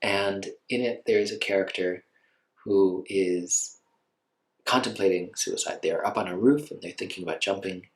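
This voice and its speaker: A man teaching meditation in an informal talk, speaking gently and conversationally with frequent filler words. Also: low-pitched, moderate pace, rough recording.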